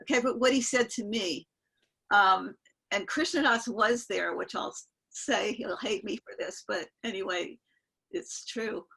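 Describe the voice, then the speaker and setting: Bright, husky older woman telling a story. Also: medium pitch, a little slow, low-quality recording. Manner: rambling, self-interrupting, laughs while telling. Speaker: guest storyteller. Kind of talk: casual spoken storytelling. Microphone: video call.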